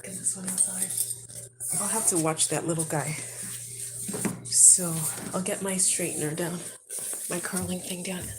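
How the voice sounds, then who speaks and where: A woman's voice: fairly low pitch, fairly even intonation, measured pace, long pauses. A young woman chatting casually to viewers in a home vlog while she does chores. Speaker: vlogger. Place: home and yard on a military base. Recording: loud background noise.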